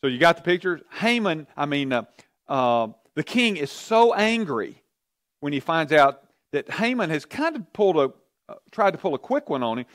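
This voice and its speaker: Animated man teaching a Bible study. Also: a little high, moderate pace, dry recording, studio quality. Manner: animated storytelling, asks the class questions.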